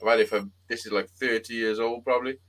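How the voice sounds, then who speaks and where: A fast-talking host with a medium-pitched voice spins a rambling, swear-filled story on a casual live-stream chat, with slight background noise behind him. He tells it animatedly, acting out the quotes.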